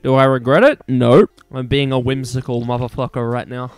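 A man in his twenties doing casual gameplay commentary, excitable, swearing and joking at his own expense. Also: mid-range voice, a little fast, smooth, no room sound, faint music behind. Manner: excitable, swearing, self-mocking jokes. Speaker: gaming streamer.

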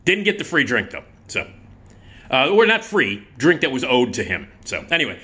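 A man's voice: mid-range voice, sing-song, normal speed, sharp tone. Rambling profane man in his fifties. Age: 50s. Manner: rambling, profane, lots of filler words. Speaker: YouTube host. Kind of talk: casual storytelling vlog.

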